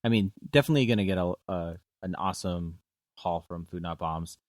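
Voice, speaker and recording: A man's voice: low voice, a little fast, no room sound. A man co-hosting a podcast from a small studio, chatting casually and rambling, restarting his sentences. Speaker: podcast host. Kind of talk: casual chat.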